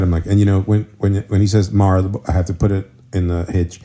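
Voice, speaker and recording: A middle-aged married man chatting casually on a podcast, rambling through stories and leaping up in pitch when he quotes others. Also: level tone, fast talker, dark tone. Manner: rambling storyteller, jumps pitch for quoted voices. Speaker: podcast co-host. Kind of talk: casual chat.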